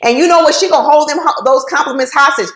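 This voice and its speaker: Blunt high-voiced woman in a roomy space. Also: quick pace, fairly bright tone. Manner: blunt, talks straight to the cast members; informal, folksy phrasing. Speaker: reality TV reviewer. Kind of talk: casual opinionated commentary. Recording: roomy echo.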